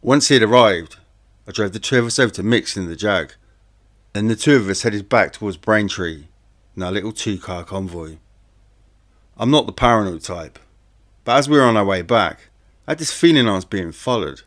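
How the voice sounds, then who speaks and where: Low-voiced man narrating true crime. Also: lively intonation, moderate pace, long pauses, fairly bright tone. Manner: plain, conversational storytelling. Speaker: audiobook narrator. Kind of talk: first-person true-crime audiobook narration.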